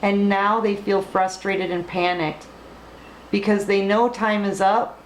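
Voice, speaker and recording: A woman's voice: medium pitch, fairly even intonation, a little slow. A woman giving a late-night tarot reading, emphatic, repeating words and trailing off with fillers. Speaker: tarot reader. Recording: echoey room with faint background noise.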